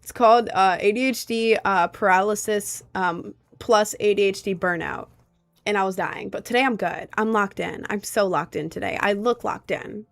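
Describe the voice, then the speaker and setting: A woman's voice: medium pitch, normal speed, vocal fry. Chatty young woman live streamer. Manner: rambling, chatty, answers chat. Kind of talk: casual live-stream chat.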